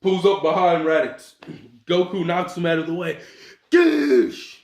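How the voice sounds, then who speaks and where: A man's voice: a little high, fairly even intonation, normal speed, highs cut off. Slangy young man with a roomy echo. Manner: rambling, slangy, laughs at his own story, makes sound effects. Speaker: storyteller narrating an imagined fan scenario. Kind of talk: casual animated retelling with voiced quotes. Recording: roomy echoey home recording.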